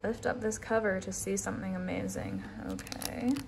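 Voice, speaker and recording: A woman's voice: mid-range voice, fairly even intonation, normal speed, creaky, a little mellow. A woman vlogging casually at an outdoor wildlife park, chatting and talking sing-song to the animals. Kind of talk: casual vlog chat. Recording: outdoor ambience with animal noise.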